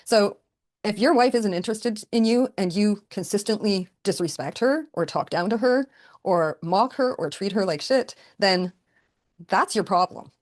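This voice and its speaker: A woman's voice: medium pitch, moderate pace, darkish tone. A frank woman hosts a relationship advice podcast. She talks directly to her listeners and coaches them plainly, with no sugarcoating. Her voice sits in a middle range for a woman.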